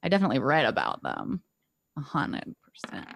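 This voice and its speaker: A woman's voice: a bass voice, huge pitch swings, a little fast, vocal fry, a bit bright. A woman playing a tabletop game, speaking in dry, teasing quips. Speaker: player. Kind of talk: tabletop game role-play.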